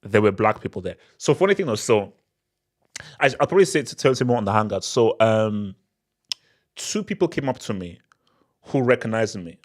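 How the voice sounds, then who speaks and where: A man hosting a casual live question-and-answer stream, talking in an animated way with many restarts and frequent laughter. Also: on the low side, normal speed, pauses often. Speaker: football channel host.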